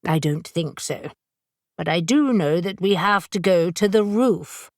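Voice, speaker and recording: A woman's voice: lowish voice, lively intonation, unhurried, dry recording, studio quality. A woman voicing a blunt, impatient woman witch who speaks brusquely. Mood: urgent.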